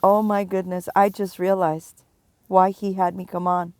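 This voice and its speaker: A middle-aged woman giving a prophetic warning, stern and emphatic, pressing her points with slow repetition. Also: lowish voice, flat delivery, darkish tone, smooth, no echo. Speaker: self-described prophet.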